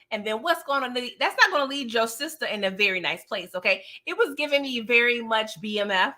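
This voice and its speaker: A woman's voice: fairly high pitch, expressive, fairly quick, sharp tone. A woman hosting a casual livestream recap of a TV show, chatting in slangy, playful talk and laughing often.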